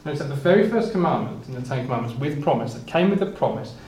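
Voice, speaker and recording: Speaking fast and with animation, a man with a medium-pitched, slightly mellow voice delivers a sermon expounding the Bible. He reads King James passages aloud and stumbles over repeated words while explaining them, in an echoey room with a little ambient noise.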